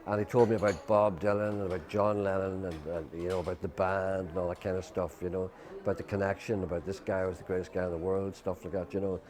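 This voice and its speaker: A man's voice: low voice, little pitch movement, fast, darkish tone. An Irish man, a guest musician, telling a long rambling anecdote, quoting people's lines and filling with "you know".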